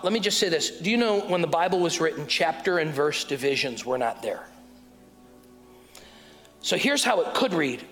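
A middle-aged man preaching a sermon on a mic, calling out to the congregation and swinging from loud to hushed. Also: a little high. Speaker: pastor. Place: church hall. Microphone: wearing a mic. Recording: sermon in a hall with music.

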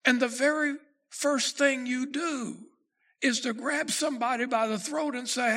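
A male pastor preaching a sermon, reading scripture slowly and then preaching with rising intensity. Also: very high voice, fairly even intonation, pushed and bright.

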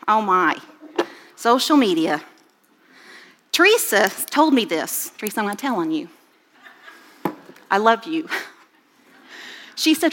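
A woman in her forties giving a sermon with personal stories, chatty and animated, with rising exclamations. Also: medium pitch, moderate pace, long pauses, slight background noise. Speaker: church speaker. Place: church sanctuary. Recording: reverberant church hall.

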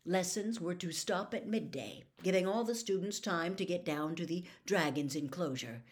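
A woman reading a novel aloud in an expressive, dramatic way, her voice sitting on the low side. She leans into the big moments of the story with lifts and swells. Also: normal speed.

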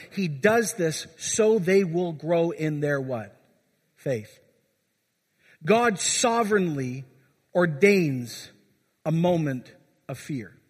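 A man's voice: on the high side, breathy edge. A man preaching a sermon as pastor, urging his congregation and asking them questions. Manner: exhorting, asks the congregation questions. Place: church. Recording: long church reverb.

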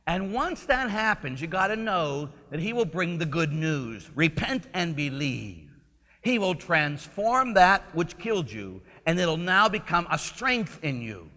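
A man preaching a sermon in a lively, swooping voice. He is conversational and emphatic, with a bright, forceful tone. His voice rings with a long church reverb. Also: a little high, unhurried.

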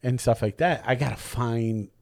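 A man hosting a podcast, telling stories in an animated way and swearing a lot. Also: medium pitch, normal speed, gravelly. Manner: profane, animated storytelling. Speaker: podcast host. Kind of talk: casual podcast chat.

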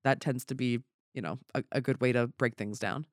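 A man, a comedian, talking in a casual podcast chat, rambling and animated and swearing offhandedly. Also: medium pitch, a little fast, dry recording, studio quality. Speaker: comedian guest.

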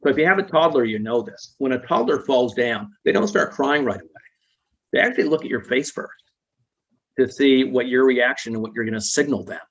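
A man with a husky, breathy voice explains psychology concepts patiently as an interview guest. He keeps checking in with little tag questions. The recording sounds dull and lo-fi. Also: mid-range voice, a little fast.

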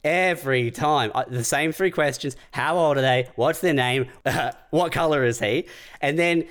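A young man swearing freely as he tells a long, animated anecdote in casual chat, slipping into quoted voices. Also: a little high, unhurried.

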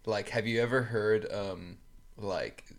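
A man's voice: on the low side, steady tone, slow pace. A man co-hosting a podcast, talking casually with lots of fillers. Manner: chatty, filler-heavy, amused. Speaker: podcast co-host. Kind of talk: casual chat.

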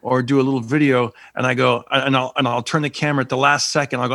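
A man's voice: medium pitch, level tone, fast talker, a bit bright, no echo, clean studio sound. A married man co-hosting a casual chat, easygoing and laughing often.

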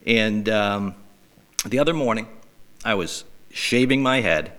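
A man's voice: on the low side, expressive, a little slow, a bit bright. A man hosting a podcast, telling rambling, profane and self-mocking stories in a casual way. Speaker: podcast host. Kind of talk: casual storytelling.

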